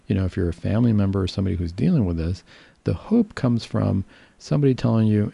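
A man speaking as a psychiatrist in a calm, reassuring, explanatory way. His voice is very dark and gravelly with a husky edge. The sound is dry and close. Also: lowish voice, fast, no room sound. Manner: calm, reassuring, explains patiently with fillers and restarts. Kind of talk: casual educational talk.

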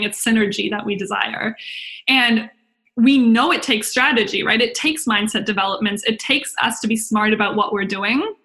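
A young woman, a business coach and podcast host, giving a chatty, excitable webinar talk full of "like" and acted-out inner voices. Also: medium pitch.

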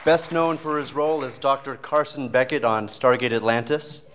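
A man introducing a guest on a convention panel, halting with fillers. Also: mid-range voice, steady tone, a bit bright. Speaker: panel host. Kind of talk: live introduction. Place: convention hall. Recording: noisy crowded convention hall.

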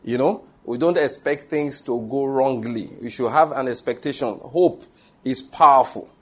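A man from Nigeria preaching a sermon. He reads Bible verses slowly and stresses key words. His voice sits in an ordinary middle pitch for a man. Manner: slow, emphatic reading with stressed words; chuckles while telling stories. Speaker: pastor.

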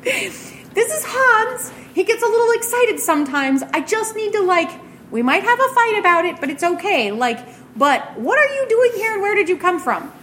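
A squeaky little two-foot creature, put on by a woman in a tabletop role-play, flustered and forever protesting. It sounds well above a woman's usual pitch, shrill and fussy. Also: very animated, normal speed, fairly bright tone, slight background noise, full character voice. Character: tiny two-foot-tall indignant ship-owning creature. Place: gaming convention.

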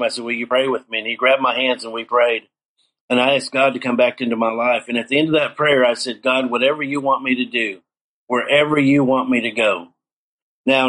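Middle-aged male guest, mid-pitched, earnest testimony storyteller. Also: a bit bright, low-quality recording. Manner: earnest storytelling, acts out quoted dialogue. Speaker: guest telling his life story. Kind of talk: personal testimony in an interview.

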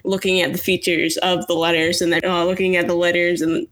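A woman with a bright, sharp voice co-hosts a casual book-club podcast. She chats in a self-deprecating way and breaks into laughter often. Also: fairly low pitch, level tone, brisk. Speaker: podcast co-host.

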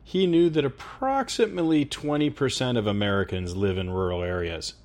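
A man's voice: mid-range voice, brisk, a little mellow. A man hosting a medical podcast, talking in an upbeat, jokey way. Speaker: podcast host. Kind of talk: casual podcast chat.

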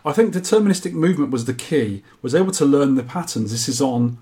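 A man's voice: mid-range voice, expressive, fast talker, dark tone. A man hosting a podcast, chatting casually and reading out listener feedback with jokey asides. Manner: jokey, chatty, laughs at his own quips. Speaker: podcast host.

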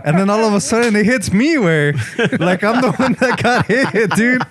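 This man's voice is high-pitched and a bit bright, with lively intonation at a normal speed. He's swapping casual stories, laid-back and profane, and switches into Spanish along the way.

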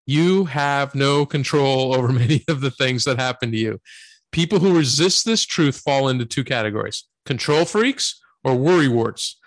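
Male podcast co-host, mid-pitched, steady reader, dry close sound. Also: normal speed, no room sound. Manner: steady reading voice, brief affirmations. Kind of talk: reading scripture and notes on a podcast.

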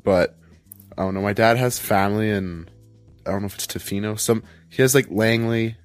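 A man's voice: lowish voice, steady tone, moderate pace, dry recording, faint music behind. A man from Canada in a casual group chat, rambling on and filling his talk with "like". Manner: rambling, full of "like" fillers.

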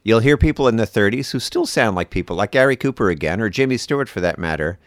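A man in casual conversation about acting and accents, animated and quick to laugh. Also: lowish voice, dry recording, clean studio sound. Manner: animated, laughs often, mimics voices in passing. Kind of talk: casual chat.

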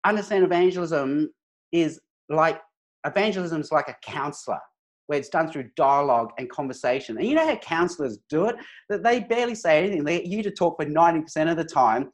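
An articulate man speaking as a podcast guest, telling stories and acting out quoted lines in a relaxed, conversational way. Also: a little high. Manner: articulate, animated anecdotes with acted-out quotes. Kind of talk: conversational storytelling.

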